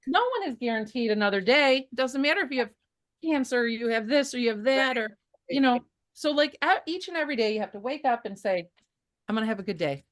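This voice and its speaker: Chatty woman with a high voice. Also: brisk, no echo, clean studio sound. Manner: animated storyteller, many fillers and restarts. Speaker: guest photographer. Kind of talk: casual interview storytelling.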